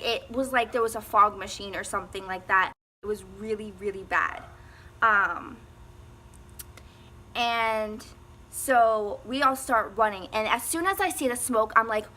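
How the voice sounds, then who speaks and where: A woman's voice: on the high side, bright, forceful tone, a little hiss or hum. A teenage girl telling a casual storytime, rambling with lots of fillers and frequent laughs. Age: teens. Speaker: vlogger.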